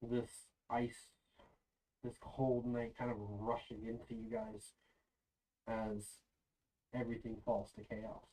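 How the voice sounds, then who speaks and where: A man narrating a tabletop game as its game master, his voice mid-pitched and set a little back from the microphone. He tells the action in a loose, casual way, full of ums and "kind of". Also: level tone, slow, long pauses, dark tone. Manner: loose, filler-heavy narration. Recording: voice a bit far from the mic.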